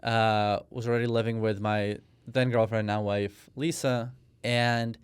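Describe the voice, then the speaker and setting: A man in his thirties, born in Russia, talks through his story as a podcast guest, stopping and restarting often. His voice is smooth and clear. The mic is close and the sound is dry, with no room around it. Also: fairly low pitch, flat delivery, measured pace, dry recording. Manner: storytelling, hesitant with many restarts and fillers. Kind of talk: conversational interview.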